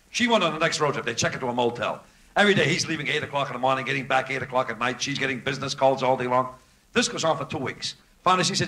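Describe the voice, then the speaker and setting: A man's voice: mid-range voice, bright, forceful tone. A man doing a stand-up comedy set on a club stage, rattling off jokes and acting out the voices in his stories. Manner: brisk joke-telling, acts out voices in stories.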